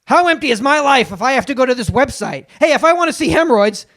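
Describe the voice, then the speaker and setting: A man doing an impression of a cranky older male stand-up comedian, ranting loudly with punchline beats. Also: extremely high pitch, expressive, fast talker, pitched above the performer's own voice. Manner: loud indignant rant with punchline beats.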